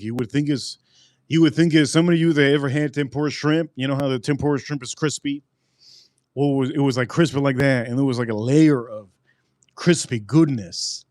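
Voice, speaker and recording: A man hosts a casual live stream, talking to his chat about food. He rambles and repeats words as he goes. His mid-pitched voice sounds close and dry. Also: a little mellow, no echo. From United States.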